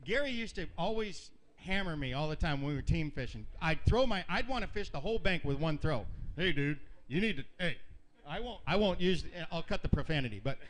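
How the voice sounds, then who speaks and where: A man telling rambling, animated stories at an outdoor fishing weigh-in, often laughing as he talks. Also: fairly high pitch, a little fast. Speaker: tournament angler. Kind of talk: storytelling at a weigh-in.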